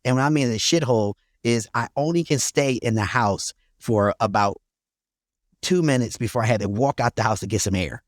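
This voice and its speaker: Middle-aged philly dude, relaxed storyteller, swears a bit, laughs a lot, close dry mic. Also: male voice, mid-range voice, moderate pace, no room sound. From North Philadelphia, USA. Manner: laid-back storytelling, laughs often, blunt and profane. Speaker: guest, real estate investor. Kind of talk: casual podcast interview.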